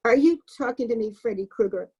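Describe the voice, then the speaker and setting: A woman's voice: fairly high pitch, lively intonation, brisk, dark tone, slightly rough, voice pushed up. A woman reading aloud, voicing a taunting middle-school boy bully.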